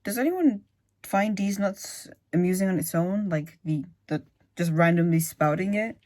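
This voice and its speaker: A woman's voice: lowish voice, lively intonation, moderate pace, a little mellow. A woman giving casual reaction commentary, musing aloud with lots of fillers and restarts. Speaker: reaction video host.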